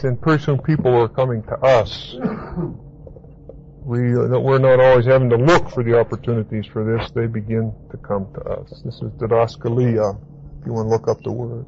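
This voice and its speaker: A man's voice: medium pitch, fairly even intonation, moderate pace, gravelly, a little mellow. A man preaching a Bible teaching sermon, repeating key words for emphasis and spelling out Greek terms. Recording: dull lo-fi recording with faint hiss.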